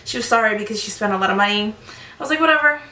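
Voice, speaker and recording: A woman in her twenties telling retail stories in a chatty, animated storytime vlog. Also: medium pitch, rapid-fire. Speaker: vlogger. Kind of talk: casual storytime. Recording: echoey room, distant mic.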